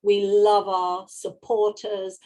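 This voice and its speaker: A woman's voice: medium pitch, level tone, slow pace, darkish tone, low-quality recording. A woman who runs a small-animal rescue, speaking earnestly and gratefully in a casual interview. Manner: earnest, grateful, laughs easily.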